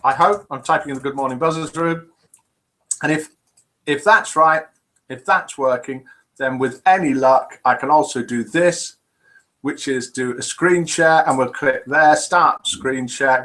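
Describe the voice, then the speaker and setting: A man's voice: medium pitch, unhurried, a bit bright. A man hosting a live interactive broadcast, chatting casually and talking through technical problems as they happen. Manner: chatty, talks through technical glitches as he goes. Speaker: host of a live interactive show. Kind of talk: casual live-stream chat.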